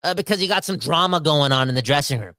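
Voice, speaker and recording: A young man hosting a casual podcast, rambling and animated, swinging between fired-up outbursts and quieter asides. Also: fairly high pitch, fast, no echo. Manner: rambling with frequent restarts and self-corrections. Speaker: podcast host. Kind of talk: casual ranting podcast talk.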